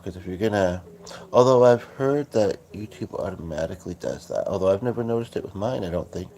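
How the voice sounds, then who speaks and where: A man hosting a casual livestream from his couch, talking in a groggy morning voice with many halting fillers and restarts. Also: low-pitched, mellow. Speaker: livestream host. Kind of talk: casual rambling livestream chat. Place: at home on a couch.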